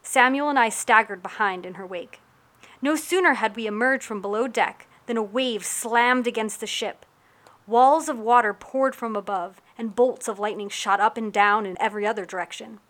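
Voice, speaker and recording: A woman narrates a first-person storybook adventure with lively, wry delivery. Her voice sits a little high and sounds bright and crisp-edged. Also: moderate pace. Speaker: audiobook narrator.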